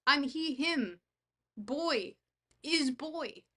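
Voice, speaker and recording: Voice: sits high, lively intonation, drawn-out words, sharp tone. A young adult streamer in casual chat, reading messages aloud and answering them in a dry, joking, rambling way.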